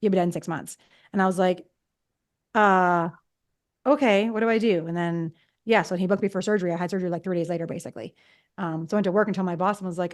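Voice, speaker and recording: A woman's voice: lowish voice, steady tone, fast. A woman in her fifties, a psychologist guest, telling personal stories in a chatty way and acting out past conversations. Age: 50s. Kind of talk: casual storytelling interview.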